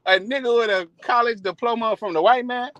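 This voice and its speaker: The speaker is a male street preacher with an extremely high, fairly bright voice, talking a little slowly. His sermon is casual and heated, with frequent swearing and many restarts. The recording is rough and has no echo.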